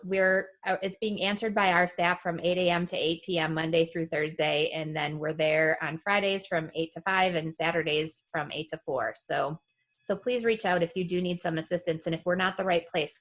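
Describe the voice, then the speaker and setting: A woman's voice: on the low side, fairly even intonation, moderate pace, fairly bright tone. A woman being interviewed as head of a family services agency, earnest and practical, with a few ums. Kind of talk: interview guest.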